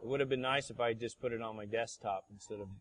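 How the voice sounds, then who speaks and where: A man's voice: medium pitch, fairly even intonation, fast, fairly bright tone, slight background noise. A male pastor preaching a sermon, emphatic and fond of rhetorical questions to his congregation.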